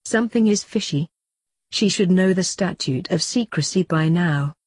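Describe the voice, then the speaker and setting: A woman's voice: lowish voice, darkish tone, husky, no echo. A woman voicing a sassy, blunt teenage girl witch. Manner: blunt and quick.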